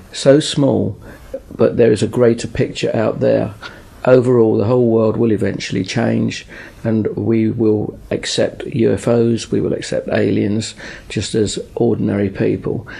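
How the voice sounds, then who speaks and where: British man, halting short speech, dark, gravelly voice. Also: lowish voice. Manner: slow, halting, with many pauses. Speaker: magazine editor speaking at a meeting.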